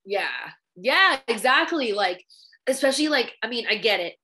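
Casting: woman influencer guest with a bright, forceful voice, blunt and profane. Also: on the high side, animated, normal speed. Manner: blunt, profane, says "like" and "bro" often. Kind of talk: casual chat.

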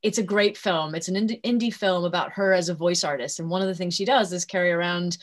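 A woman's voice: fairly low pitch, quick pace. A woman voice actress speaking as a guest in a casual interview, chatty and readily agreeing.

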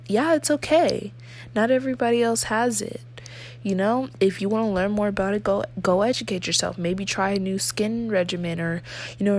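A woman hosting her own podcast in casual solo talk, rambling and repeating herself, recorded without a proper microphone. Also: medium pitch. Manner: rambling and repetitive, with many fillers and restarts. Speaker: podcast host. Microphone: no proper microphone yet, a basic built-in mic.

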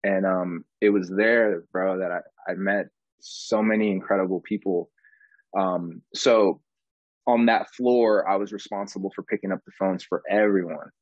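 A man guest on a podcast, telling his story in a casual, animated way, saying "bro" often and acting out what people said. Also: low-pitched, a little slow, no echo, dull audio. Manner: animated, says "bro" a lot, acts out quotes.

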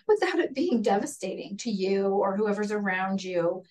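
A woman's voice: medium pitch, animated, normal speed, a little mellow. A woman guest on a podcast, talking candidly and earnestly about raising children, often laughing and acting out voices. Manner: earnest, laughs often, acts out her child's and her own words. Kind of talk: candid conversational chat. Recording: voice a bit far from the mic.

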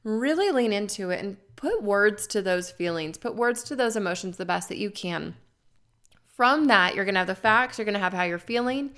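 A woman in her thirties, a podcast host giving earnest, encouraging coaching to listeners and slowing down to stress key words. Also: medium pitch, a bit bright.

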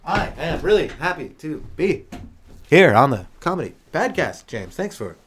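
Comic doing a famous older actor: stalled, stammering delivery, a bit off-mic. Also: male voice, fairly high pitch, very animated, slight background noise. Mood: halting. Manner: slow, broken, drawn-out phrasing with stalls.

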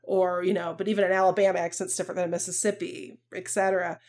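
A woman from the American South with a light Southern accent, co-hosting a film podcast in casual chat, filling pauses with ums. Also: lowish voice, little pitch movement, a little mellow. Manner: chatty, lots of ums, friendly. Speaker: podcast co-host.

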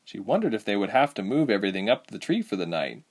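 A man narrating a chapter of a novel as an audiobook, reading in a lively, expressive way. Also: fairly low pitch, fast talker.

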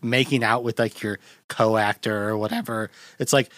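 A man's voice: lowish voice, steady tone, moderate pace, a bit bright, no echo, studio quality. A young man hosting a casual podcast, chatting about a film in a rambling way, full of fillers and laughter. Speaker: podcast host.

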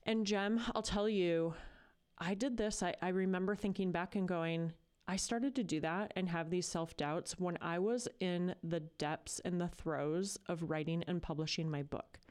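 A woman's voice: fairly low pitch, fairly even intonation, a little slow, a little mellow, clear, resonant tone. A woman hosting a podcast, talking in a casual, earnest and chatty way. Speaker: podcast host. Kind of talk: casual solo podcast talk.

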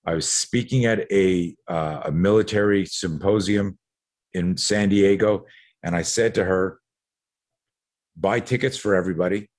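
His voice sits low, a little mellow, with fairly even intonation and a slightly slow pace. He's a sixty-something Canadian podcast guest whose animated stories include acted-out lines from others and frequent mid-sentence word repetitions.

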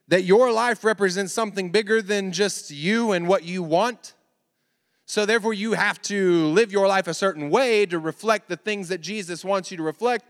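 High-voiced joking preacher man in a hall. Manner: lively, joking asides to the audience. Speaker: youth pastor. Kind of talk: sermon. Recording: long hall reverb.

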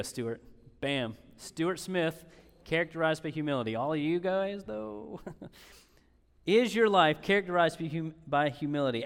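A man's voice: a little high, fairly bright tone, long reverb tail. A man preaching a sermon as pastor, conversational and emphatic, repeating key phrases and slipping in sarcastic asides.

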